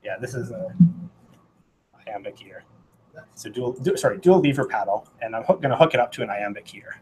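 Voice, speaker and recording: A man's voice: medium pitch, lively intonation, brisk, heavy background noise. A man giving a casual technical talk at a meetup. He rambles with many fillers and restarts, and he sings out beeping rhythms as he demonstrates. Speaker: meetup presenter. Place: meetup room.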